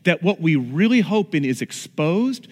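A man's voice: fairly high pitch, very animated, a little slow, a little mellow. A male pastor preaching a conversational sermon with acted-out asides in a church. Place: church sanctuary. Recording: long reverb in a large hall.

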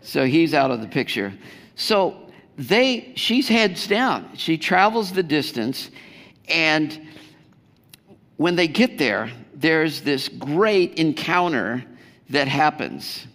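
A man preaches in a church, talking with his congregation and often asking them questions. He speaks slowly, in a slightly high voice. His words ring out with a long echo through a large sanctuary. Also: sing-song, gravelly, a bit bright. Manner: conversational, asks the congregation questions. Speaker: pastor. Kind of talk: sermon.

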